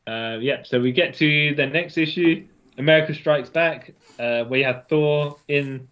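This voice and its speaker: A man's voice: fairly high pitch, unhurried, fairly bright tone, dull audio. A man chatting casually as a podcast co-host, recapping a comic and acting out the characters' lines.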